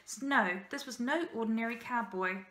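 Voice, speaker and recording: A woman teacher reading a children's novel aloud in steady storybook narration, with small slips. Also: a little high, moderate pace. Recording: roomy echo.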